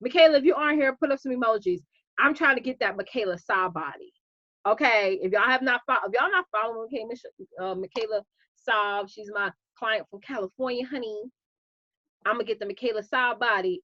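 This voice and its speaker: A woman coach hosting a casual live stream, chatty and animated, greeting viewers by name. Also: fairly high pitch, no room sound, dull audio.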